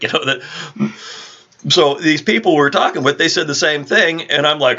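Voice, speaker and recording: Vlog host, male, husky, animated storyteller; dull lo-fi audio. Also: mid-range voice, fast talker. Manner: rambling, animated anecdote-telling with frequent restarts. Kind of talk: casual storytelling chat. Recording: dull lo-fi recording.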